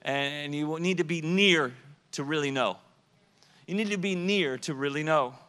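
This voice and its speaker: A man's voice: a little high, a little slow, pushed and bright, clean tone. A man preaching a sermon, emphatic, shifting his pace and volume for effect and repeating words as he builds a point. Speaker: pastor.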